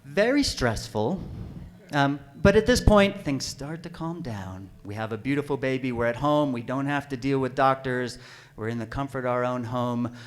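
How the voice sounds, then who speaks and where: A man telling a personal story live on stage at a story slam, animated and self-deprecating, now and then bursting into panicked yelps. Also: mid-range voice, normal speed. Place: stage at an arts center.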